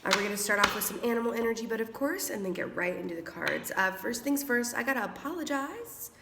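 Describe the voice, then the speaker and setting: A woman's voice: a little high, animated, fast talker, noisy background. Woman with a bit of a cold doing a chatty tarot reading, laughs a lot, calls you honey. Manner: chatty and affectionate, laughs often, calls listeners darling and honey; whispers while drawing cards. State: getting over a cold. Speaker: tarot reader.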